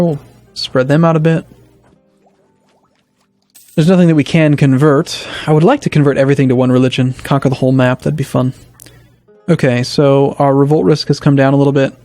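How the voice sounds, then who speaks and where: A man casually commenting on his strategy game as a let's play host, thinking aloud with hesitant restarts and sudden bursts of excitement. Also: mid-range voice, no room sound.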